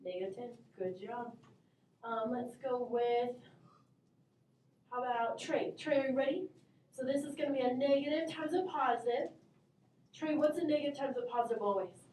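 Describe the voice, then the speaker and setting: Upbeat high-voiced woman teaching a class. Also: moderate pace, pauses often, darkish tone, a little hiss or hum. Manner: upbeat, encouraging, calls on students by name. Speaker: math teacher. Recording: echoey classroom from far off.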